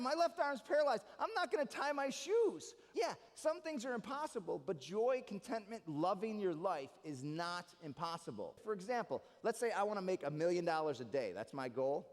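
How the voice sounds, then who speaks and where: A young man performing stand-up comedy on a live stage, telling jokey stories with lots of asides. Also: high-pitched. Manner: animated, jokey storytelling with asides. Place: live stage in a large hall. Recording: live hall with reverb.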